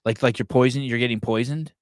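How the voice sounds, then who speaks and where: A man's voice: medium pitch, fairly even intonation, fast talker, dry recording, clean studio sound. A man hosting a podcast, chatting casually in a crude, joking way and laughing often. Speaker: podcast host.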